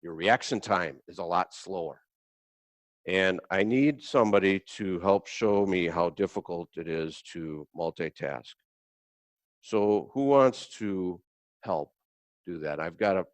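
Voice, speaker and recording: Low-pitched male presenter, folksy, joking, heard from far off in an echoing hall. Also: measured pace. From Wisconsin-Minnesota border. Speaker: safety presenter. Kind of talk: workshop presentation. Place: large room with an audience.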